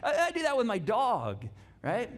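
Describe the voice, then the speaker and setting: A middle-aged man, a pastor, giving a conversational sermon with lively asides and frequent restarts. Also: very high voice, moderate pace. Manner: animated and chatty, with many restarts and asides.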